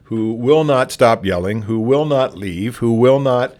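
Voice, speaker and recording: A man with a medium-pitched voice and measured pace gives a conversational training talk on calming difficult patrons. He is plainspoken, often restarts phrases, and acts out sample dialogue.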